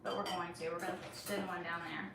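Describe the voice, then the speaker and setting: A woman's voice: on the low side, little pitch movement, brisk, vocal fry. A woman with a Southern US accent, from Georgia, co-hosting a casual cocktail livestream at home in a folksy, chatty way. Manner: chatty, folksy, says y'all often. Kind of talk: casual chat. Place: home bar area. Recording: echoey room, distant mic, noisy.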